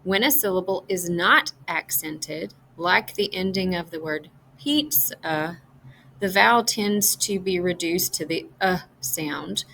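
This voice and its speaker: Low, gravelly woman teaching phonics. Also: sharp tone, a little hiss or hum, low-quality recording. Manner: slow, clear teaching delivery. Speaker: reading teacher. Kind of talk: scripted phonics lesson.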